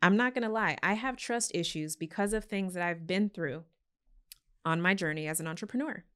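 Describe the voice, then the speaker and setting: Woman host, smooth clear voice, somewhat low, earnest and agreeable. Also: fairly quick, a bit bright. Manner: earnest and reflective, agreeing often. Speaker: podcast host. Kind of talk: casual conversation.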